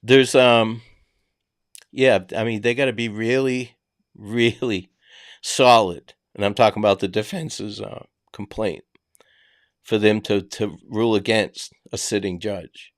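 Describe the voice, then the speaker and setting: A man's voice: on the low side, steady tone, unhurried, no echo. Man, boston accent, podcast host, casual emphatic chat, dry close sound. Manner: conversational, emphatic, drops filler words. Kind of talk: casual true-crime discussion.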